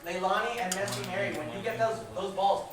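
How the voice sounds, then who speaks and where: A game show host running a live stage show, explaining rules and awarding points in a playful, quick way. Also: medium pitch, fairly even intonation, far from the mic, crowd noise. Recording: echoey live stage from afar, noisy.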